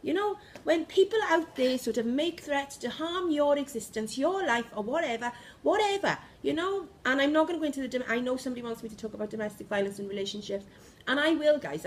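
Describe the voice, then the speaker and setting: A woman giving an energetic, emphatic spiritual pep talk to camera, repeating phrases for emphasis. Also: high voice. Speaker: spiritual vlogger. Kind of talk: impassioned motivational monologue.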